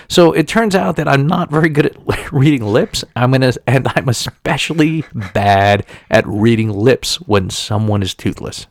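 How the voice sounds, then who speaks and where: A middle-aged man from Staten Island with a gravelly edge spins a rambling story, stumbling and restarting as he goes. The sound is close and dry. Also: mid-range voice, dry recording. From Staten Island, New York. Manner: rambling, halting with many restarts and fillers. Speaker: podcast co-host. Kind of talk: casual storytelling chat.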